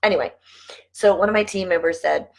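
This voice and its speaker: A woman's voice: on the low side, a little fast, gravelly, poor audio. A middle-aged woman talking casually to camera, chatty and rambling, laughing often as she goes off on asides. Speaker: vlogger and network marketing team leader.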